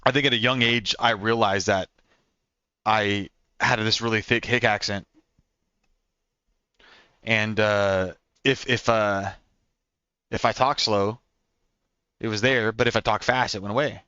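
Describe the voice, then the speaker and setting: Oklahoma guy chatting w his stream, fast and bright, lots of repeats, dry kinda dull mic. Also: on the low side, fairly even intonation, clear, resonant tone, no room sound. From Oklahoma, USA. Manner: rapid talker, repeats words, laughs often. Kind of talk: casual live-stream chat with viewers.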